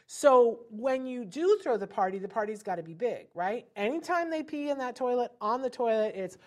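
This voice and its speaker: A woman coaching parents in a chatty, animated teaching talk, now and then breaking into cheerful singsong cheers. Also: fairly high pitch, moderate pace. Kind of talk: instructional talk.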